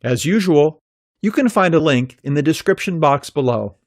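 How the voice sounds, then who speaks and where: A man teaching an English pronunciation lesson from a script, with a careful, clearly articulated delivery. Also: fairly high pitch, expressive, normal speed, no echo, clean studio sound.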